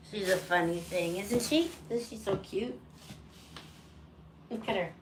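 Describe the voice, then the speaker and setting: A woman who hosts a pet bird channel, chatting casually at home and cooing at her birds. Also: background noise. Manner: chatty, rambling, coos at her birds in a high sing-song voice. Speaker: parrot owner and channel host. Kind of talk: casual home vlog chat.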